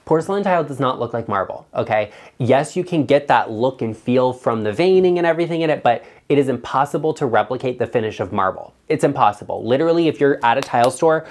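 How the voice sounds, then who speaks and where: A man's voice: mid-range voice, animated, fairly quick, hardly any pauses, darkish tone. A man vlogging about home design, speaking bluntly and emphatically straight to the viewer. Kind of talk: opinionated talk to camera.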